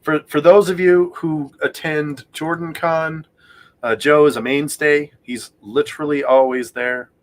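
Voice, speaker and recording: Man, podcast guest, slightly high voice, talkative, salty language. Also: steady tone, unhurried. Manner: chatty, swears freely. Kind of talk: casual chat.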